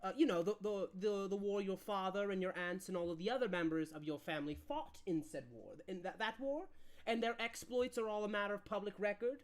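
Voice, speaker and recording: A woman's voice: medium pitch, brisk, natural voice. A woman playing a stern, probing queen mother. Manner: coolly interrogating, pointed questions.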